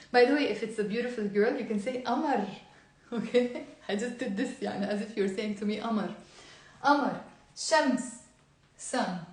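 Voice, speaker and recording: A woman's voice: fairly high pitch, a little mellow, echoey room. A woman with a Lebanese accent teaching a live online Arabic lesson, patiently drilling words for learners to repeat.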